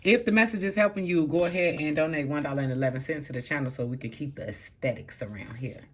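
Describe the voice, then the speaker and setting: A woman doing a casual tarot reading to camera, talking bluntly in slang and swearing freely, moving between calm stretches and loud outbursts. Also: deep voice, quick pace. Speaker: tarot reader.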